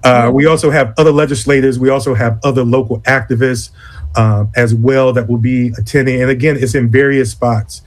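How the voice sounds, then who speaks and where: A man who directs an advocacy conference, talking in an interview in a deliberate, earnest way and often restarting his phrases. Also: medium pitch, fairly even intonation. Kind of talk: interview conversation.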